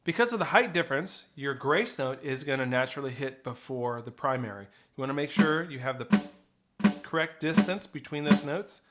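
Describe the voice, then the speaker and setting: A man's voice: medium pitch, expressive, fairly quick, soft background music. A man teaching snare drum technique, explaining flams and rolls and counting rhythms aloud. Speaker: percussion teacher. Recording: loud drumming behind the voice.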